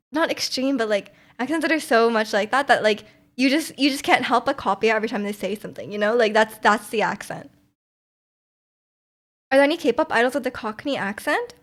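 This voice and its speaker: A young woman with a Canadian accent chats casually with her live viewers, her voice sitting a little high. She rambles from thought to thought, giggling and leaning on plenty of ums and likes. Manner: rambling, chatty, giggly, many fillers. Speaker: streamer.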